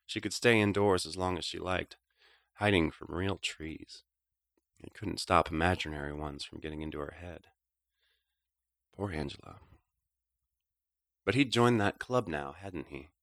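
A man reading a novel aloud in a quiet, reflective, measured way. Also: deep voice, gravelly, dry recording, clean studio sound. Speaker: audiobook narrator. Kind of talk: scripted narration of a novel.

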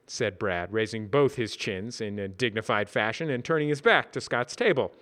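A man narrating a story in a dry, measured reading. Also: fairly low pitch, fairly bright tone. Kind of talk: audiobook reading.

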